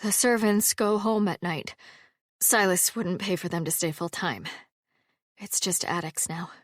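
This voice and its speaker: A woman's voice: lowish voice, measured pace, no echo, clean studio sound. A woman reading an audiobook and voicing a frank, wry young housekeeper heroine.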